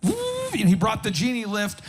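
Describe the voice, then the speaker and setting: A man hosting a live business workshop, telling stories in an animated way. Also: sits high, a little slow. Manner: animated storyteller. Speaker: host.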